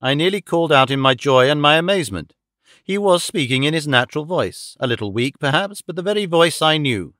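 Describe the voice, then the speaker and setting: A man narrating a classic detective audiobook in a measured, low-key way into a close microphone. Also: expressive, a bit bright, no echo. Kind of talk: scripted narration.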